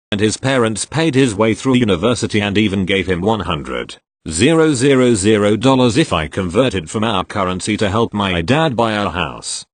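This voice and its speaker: A man reading online posts aloud in scripted narration, with an even, matter-of-fact delivery that spells out abbreviations. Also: on the low side, no echo. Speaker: story reader.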